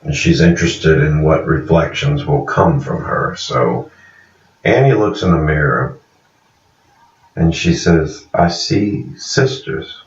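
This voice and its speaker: A man's voice: extremely low pitch, slow. A man casually recapping TV episodes as a reviewer, rambling with many fillers and restarts, often laughing. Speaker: TV series reviewer. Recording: echoey room, distant mic, dull sound.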